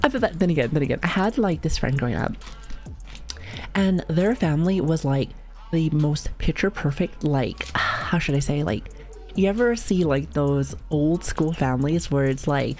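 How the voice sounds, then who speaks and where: A woman's voice: deep voice, normal speed, darkish tone. A woman in her thirties chatting casually on a livestream, rambling with lots of "like", swearing and laughing, acting out quotes from her family. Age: 30s. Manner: acts out quoted voices of family. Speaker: streamer.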